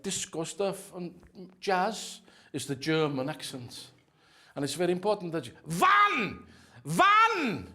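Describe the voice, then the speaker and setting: A man with a fairly high speaking voice gives a mock drum lesson in a deadpan, earnest way. He rambles through his tips and often sinks into quiet, muttered asides. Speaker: drum instructor. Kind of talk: comic mock masterclass.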